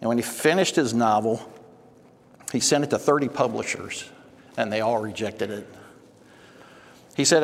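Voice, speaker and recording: A man's voice: on the low side, steady tone, moderate pace. Man, church teacher, folksy storytelling, many fillers, echoing hall. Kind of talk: sermon. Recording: long hall reverb.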